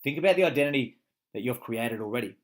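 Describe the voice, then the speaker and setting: A man's voice: medium pitch, lively intonation, fast talker. A man teaching a motivational coaching course, speaking emphatically, swearing freely and firing rhetorical questions.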